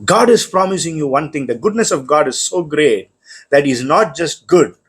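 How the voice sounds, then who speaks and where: Husky-voiced man preaching a sermon. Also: a little high, expressive, normal speed. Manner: restarts phrases, builds to raised fervent delivery.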